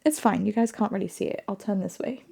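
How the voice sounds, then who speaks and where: A woman's voice: mid-range voice, fast talker, gravelly, dark tone, husky. A woman streamer in casual livestream chat, playful, laughing often and answering her viewers.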